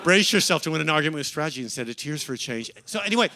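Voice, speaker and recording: A man's voice: a little high, animated, racing, sharp tone, a little hiss or hum. A middle-aged American man doing stand-up in a comedy club, teasing the crowd in a camp, sardonic way. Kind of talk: stand-up set, crowd work.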